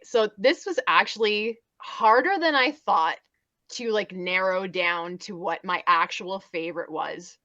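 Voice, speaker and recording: Bright-voiced woman chatting on a podcast. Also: measured pace, no room sound, lo-fi sound. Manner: enthusiastic, acts out cartoon lines in higher voices. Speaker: podcast panelist. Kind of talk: casual podcast chat.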